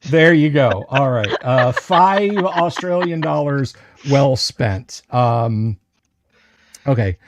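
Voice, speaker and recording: A man running a tabletop game livestream as game master, slowly describing what the players find, with lots of hesitant fillers and restarts. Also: medium pitch, lively intonation, background noise. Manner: describes items slowly and carefully.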